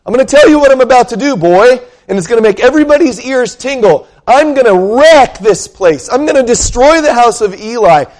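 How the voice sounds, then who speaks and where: A man's voice: very high voice, animated, brisk, hardly any pauses, darkish tone, pitched above the performer's own voice. A man voicing God as a stern, menacing male voice that makes emphatic declarations. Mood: ominous.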